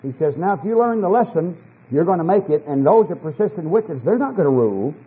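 A man preaching a sermon, emphatic, dropping to low asides and rising to fervent scripture reading, on an old archival sermon tape. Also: sing-song, fast talker, slightly rough, phone-quality sound.

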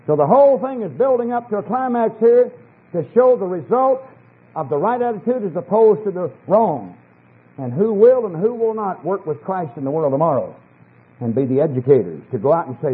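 A man preaching a sermon, emphatic, dropping to low asides and rising to fervent scripture reading, on an old archival sermon tape. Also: lively intonation, normal speed, husky, phone-quality sound.

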